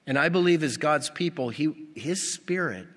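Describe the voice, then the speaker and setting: A male pastor preaching a sermon, animated and putting rhetorical questions to his congregation. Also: fairly high pitch, moderate pace. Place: church. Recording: long reverb of a church hall.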